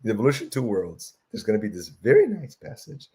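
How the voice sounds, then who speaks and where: A man giving a lecture with slides, tagging "right?" onto almost every phrase, with a voice that is going and frequent throat-clearing. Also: fairly low pitch, very animated, fairly quick, warm tone. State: losing his voice, clears throat often.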